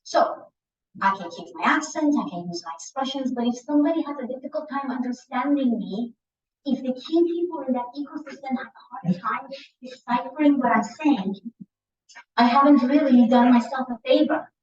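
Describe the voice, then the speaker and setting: A woman's voice: sits high, lively intonation, moderate pace, a little hiss or hum. A middle-aged woman giving a seminar to a class as a communication coach, demonstrating points by shifting her tone and pace. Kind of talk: lively presentation to a class. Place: lecture room. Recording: roomy, distant, dull lecture-hall recording.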